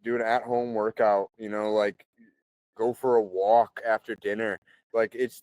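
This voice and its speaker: A man in his thirties, a podcast guest, talking in a relaxed, chatty way full of "like" and "you know" and clearing his throat often. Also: lowish voice, no echo. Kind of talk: casual conversational storytelling.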